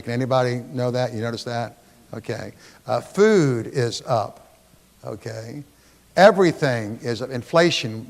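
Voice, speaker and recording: A man pastor giving a Bible study sermon in a church, talking in a conversational, emphatic way and often checking in with his listeners. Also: mid-range voice. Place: church sanctuary. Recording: long reverb of a church hall.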